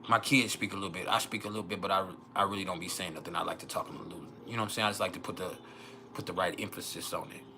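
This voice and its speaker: A man's voice: low-pitched, fairly even intonation, racing, noisy background. A man hosting a casual astrology livestream, joking and swearing often and laughing.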